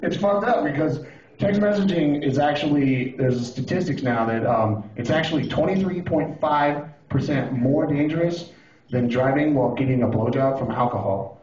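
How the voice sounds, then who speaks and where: A man doing a profane, animated stand-up routine on a club stage, now and then breaking into shouted impressions. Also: medium pitch, normal speed. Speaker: stand-up comedian. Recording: roomy, distant, dull lo-fi club recording. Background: audience laughing.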